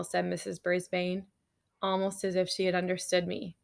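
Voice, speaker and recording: A woman reading a children's chapter book aloud to kids, lively and expressive. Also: on the low side, normal speed, gravelly.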